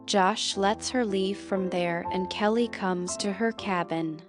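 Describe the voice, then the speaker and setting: A woman narrates a film recap in a scripted, measured delivery, taking her time over each line. Her pitch sits at an ordinary middle height. Soft music runs quietly underneath her voice. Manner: slow, measured reading of plot events and quotes.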